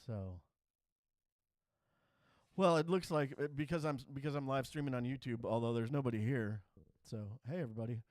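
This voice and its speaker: A man's voice: mid-range voice, normal speed, darkish tone, no room sound. A man hosting a live stream, introducing a recorded conversation in a loose, rambling way. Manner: rambling, restarts often.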